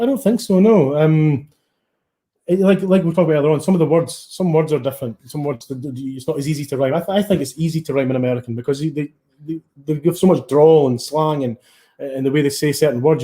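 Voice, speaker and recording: Scottish man, interview guest, quick rambling speech, mellow dark tone. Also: a little high. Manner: rambling, full of restarts and fillers. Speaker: guest musician. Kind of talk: casual interview storytelling.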